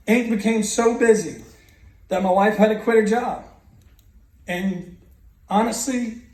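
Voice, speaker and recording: A guest speaker in his thirties, with a high-pitched and slightly mellow voice, gives an earnest motivational speech to a graduating class, telling his own story and often restarting. He's recorded from far off in an echoey large school hall.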